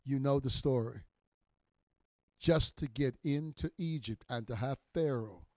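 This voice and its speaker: A man in his sixties, a minister teaching in a podcast sermon, emphatic and repetitive, his voice swelling loud on key words. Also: medium pitch, a little slow, no room sound. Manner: repeats phrases for emphasis.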